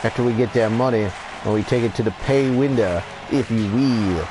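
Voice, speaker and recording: A man giving excitable, profane play-by-play commentary on a wrestling video game as he plays, laughing often. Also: mid-range voice, moderate pace, a crowd in the background, background noise. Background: game music.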